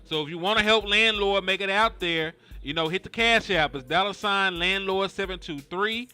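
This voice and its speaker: A man co-hosting a casual sports chat, animated and profane, laughing through his banter. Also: high voice, normal speed, clean tone, soft background music. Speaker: co-host.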